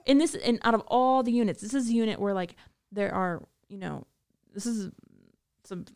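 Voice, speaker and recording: Woman guest, vocal fry, rambling storyteller with lots of fillers. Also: medium pitch, normal speed, darkish tone. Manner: rambling, many fillers and restarts. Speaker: guest recounting prison time. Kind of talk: casual storytelling.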